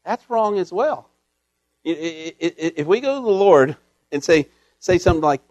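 A man preaching a sermon in an earnest way, often repeating words as he searches for them, and moving between raised lines and hushed ones. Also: high voice, expressive, normal speed, no echo.

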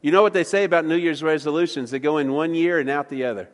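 In a church sanctuary with a big-room sound, a pastor with a fairly high voice preaches quickly. His sermon is folksy and full of jokes, and he often stammers and repeats words.

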